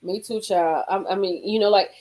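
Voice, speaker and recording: A woman hosting a casual live stream from a car, reading gossip aloud and reacting with sudden high exclamations and low murmurs. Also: normal speed, rough recording. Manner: animated, swings into high exclaims and drops to murmurs.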